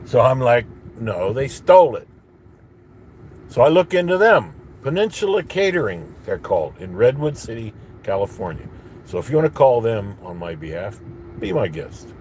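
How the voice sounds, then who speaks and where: A man's voice: medium pitch, big pitch swings, moderate pace, a little mellow, a little hiss or hum. A man ranting bitterly in a casual monologue, rambling with restarts and coughing at times. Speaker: vlogger.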